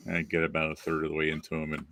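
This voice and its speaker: A man hosting a casual movie chat, enthusiastic and quick to laugh. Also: very deep voice, monotone, bright, forceful tone, slight background noise. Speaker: podcast host.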